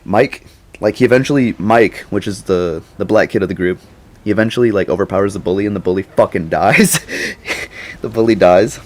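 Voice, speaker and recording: A man's voice: lowish voice, a little fast, darkish tone. A young man giving a casual, slangy movie reaction, rambling and laughing often. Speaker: YouTuber.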